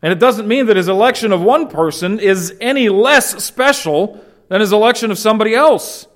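A man's voice: high voice, brisk. A man preaching a sermon, explaining a passage verse by verse with rhetorical questions and acted-out quotes. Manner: animated, rhetorical questions, acts out quoted shouts. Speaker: pastor. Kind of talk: expository sermon.

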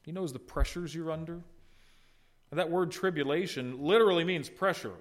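A man preaching a verse-by-verse sermon with a slightly raised voice. He swings from loud, emphatic peaks down to soft, low phrase endings. Now and then he breaks off to chat and tease the congregation. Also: moderate pace. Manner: conversational, teases congregants by name. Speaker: pastor. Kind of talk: expository sermon with asides to the congregation.

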